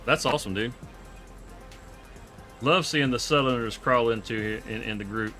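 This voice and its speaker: A man with a Southern Georgia accent, hosting a farming game live stream in a relaxed, rambling way with chuckles. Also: mid-range voice, normal speed, faint music behind. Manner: laid-back, chuckling, rambling with fillers. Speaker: streamer host. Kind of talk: casual live-stream gaming chat.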